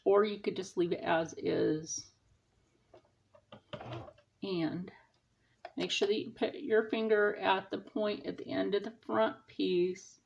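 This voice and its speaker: A woman's voice: mid-range voice, fairly even intonation, slow, vocal fry, long pauses, a little mellow, lo-fi sound. A middle-aged woman hosting a casual sewing tutorial, chatting and explaining each step as she sews. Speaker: sewing channel host.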